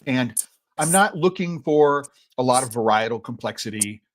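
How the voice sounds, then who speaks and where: A man's voice: mid-range voice, expressive, moderate pace. A man hosting a podcast tasting, talking loosely and often ending thoughts with "right?" as he chews. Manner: rambling, frequent "right?" tag questions; talks while chewing chocolate. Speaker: podcast host and chocolate educator. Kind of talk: conversational tasting commentary.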